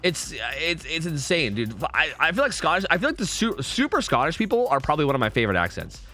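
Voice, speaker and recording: A man's voice: on the high side, big pitch swings, quick pace, sharp tone, faint music behind. A young man streaming a game, talking casually and rambling with his viewers, swearing freely.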